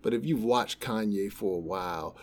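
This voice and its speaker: A man co-hosting a casual chat, giving calm, considered opinions. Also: on the low side, normal speed, slight background noise. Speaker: podcast co-host. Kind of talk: casual discussion.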